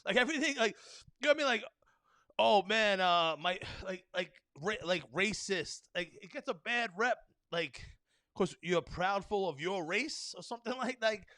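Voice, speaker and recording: A man's voice: high voice, lively intonation, moderate pace, bright, forceful tone, dry recording. A man in his thirties from the New York area, hosting a solo podcast and ranting in a rambling, profane way with lots of fillers; he says he is a little tired. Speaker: podcast host.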